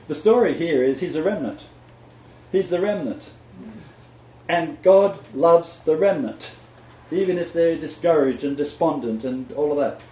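An older man from Australia, preaching and telling a personal story with sudden loud peaks. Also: medium pitch, roomy sound, lo-fi sound, slight background noise.

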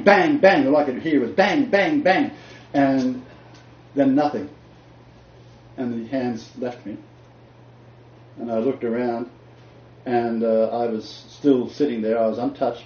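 An older man from Australia, preaching and telling a personal story with sudden loud peaks. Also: on the low side, echoey room, highs cut off, slight background noise.

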